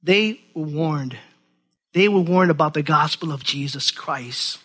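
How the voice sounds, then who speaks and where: A man preaches with a fairly high voice. He is animated and acts out the people he quotes, often repeating words as he goes. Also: a little slow. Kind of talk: sermon.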